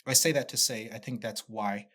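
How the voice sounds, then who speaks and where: A man's voice: on the low side, fairly even intonation, normal speed, bright, forceful tone. A man co-hosting a podcast review, chatting casually, laughing often and acting out lines. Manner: laughs often, acts out quotes. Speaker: podcast co-host. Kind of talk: casual chat.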